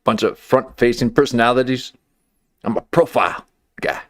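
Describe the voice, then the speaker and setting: A man's voice: medium pitch, moderate pace, dry recording, studio quality. A man hosting a comedy commentary livestream, talking in a wry, rambling way with lots of fillers and restarts.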